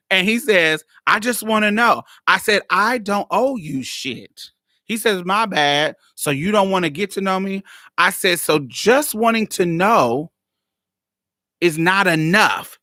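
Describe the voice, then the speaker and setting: Woman podcaster venting a story, blunt and exasperated, lots of cussing, bright voice that swings all over. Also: on the low side, lively intonation, unhurried, dry recording, studio quality. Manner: exasperated, blunt, laughs often, heavy cursing. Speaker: podcast host. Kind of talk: casual storytelling monologue.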